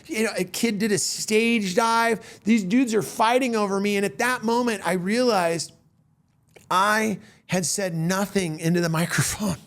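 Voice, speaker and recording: A man in his fifties, a comedian hosting his own show, telling stories in an animated monologue and acting out the voices of people in them. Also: high-pitched, measured pace. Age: 50s. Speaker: comedian host. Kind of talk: storytelling monologue.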